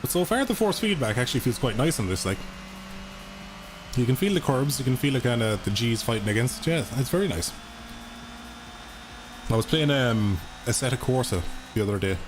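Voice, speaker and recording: Playing a racing game on a live stream, a young man from Ireland chats with viewers and swears without restraint. His mid-range voice is animated at normal speed, broken by long pauses. Game music and engine noise fill the background.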